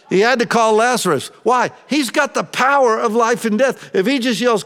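A pastor preaching a sermon in an animated way, rising to loud, emphatic calls. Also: male voice, sits high, brisk, few pauses. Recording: long reverb of a large hall.

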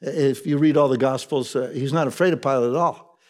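A man's voice: mid-range voice, a little fast, darkish tone. A man preaching a conversational sermon, reading Bible verses and then retelling them in plain everyday words. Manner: reads verses, then paraphrases them in plain modern talk. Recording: long reverb of a large hall.

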